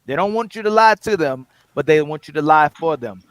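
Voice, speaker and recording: A man's voice: on the high side, animated, brisk, clean tone, dry recording. A young man hosting a casual debate, often restarting his words and nodding along. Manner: frequent agreeing interjections, repeats words when starting. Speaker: host.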